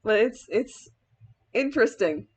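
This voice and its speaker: A woman's voice: a little high, animated, measured pace, a little mellow, breathy edge. A young woman chatting casually in a vlog while styling a cosplay wig, rambling with many filler words and laughing mid-sentence.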